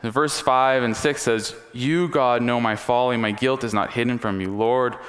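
A man's voice: mid-range voice, fairly even intonation, normal speed, a bit bright. A man preaching a sermon and leading a prayer, talking in a conversational, earnest way with frequent fillers and restarts. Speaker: pastor. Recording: long reverb of a hall.

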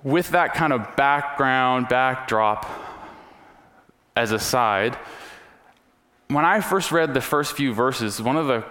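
A man's voice: medium pitch, lively intonation, slow, pushed and bright. A man preaching a sermon and leading a prayer, talking in a conversational, earnest way with frequent fillers and restarts. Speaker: pastor. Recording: long reverb of a hall.

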